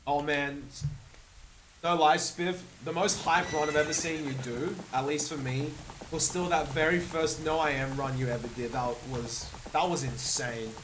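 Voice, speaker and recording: A man's voice: on the high side, steady tone, moderate pace, background noise. A young man streaming a speedrun, chatting casually and upbeat with his viewers between bursts of laughter. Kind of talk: casual chat with viewers while playing. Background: game music.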